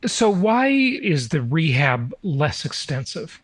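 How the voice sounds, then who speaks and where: A middle-aged man hosting an interview podcast, chatty, with quick asides and self-corrections. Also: on the high side, sing-song, breathy edge, no echo. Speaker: podcast host.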